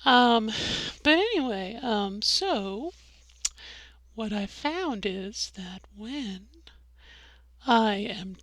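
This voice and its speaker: Talking very slowly and pausing often, a middle-aged vlogger demonstrates her voice while describing her voice training. She rambles and corrects herself as she goes in this casual video diary. Her voice is on the high side, animated and fairly bright, and the recording has no echo.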